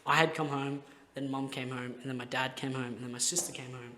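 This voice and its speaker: A man's voice: medium pitch, little pitch movement, fairly quick, sharp tone, slight background noise. A young man hosting a podcast, telling rambling, heartfelt stories in casual chat and swearing constantly. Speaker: podcast host.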